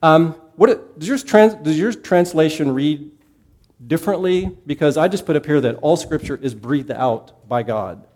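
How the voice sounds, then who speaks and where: Casting: male Bible teacher, warm mellow tone, conversational, asks the room questions. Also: on the high side, animated, moderate pace. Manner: conversational, asks the class questions, repeats key points. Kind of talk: casual classroom teaching.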